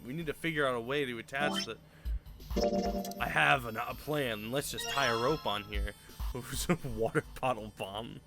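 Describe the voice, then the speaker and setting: A man streaming a puzzle game, reading its dialogue aloud and muttering frustrated, casual remarks. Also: mid-range voice. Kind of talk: casual let's-play commentary. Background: game music.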